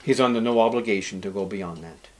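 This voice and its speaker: A man preaching as pastor, emphatic, rising loud on key words and dropping low and soft. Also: fast talker. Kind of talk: sermon.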